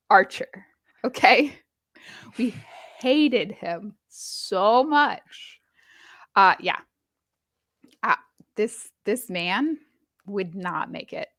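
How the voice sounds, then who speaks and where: A woman co-hosting a podcast in casual, animated chat, emphatic and quick to laugh. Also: fairly low pitch, creaky, dry recording, clean studio sound. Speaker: podcast co-host.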